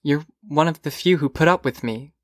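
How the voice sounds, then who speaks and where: A man voicing a curious, whimsical teenage girl in an audiobook, with lilting, eager questions that come in quick bursts. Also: a little high, no echo, clean studio sound, lightly acted. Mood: wondering. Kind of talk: audiobook character voice.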